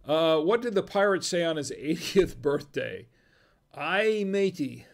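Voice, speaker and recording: A man's voice: a little high, expressive, moderate pace, vocal fry. A man hosting a casual livestream, reading viewer jokes, chuckling at them and trailing off mid-sentence.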